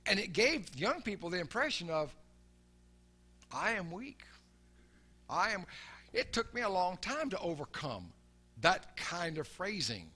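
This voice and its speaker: High-pitched older man preaching earnestly. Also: sing-song, moderate pace, sharp tone. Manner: earnest, repeats words, drops to a low murmur for quoted prayers. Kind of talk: sermon.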